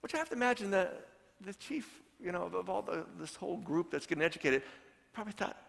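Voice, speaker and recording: A man's voice: high voice, lively intonation, fast, vocal fry, a bit bright, long reverb tail. A man, a pastor, preaching a sermon in a storytelling way and repeating his points for emphasis.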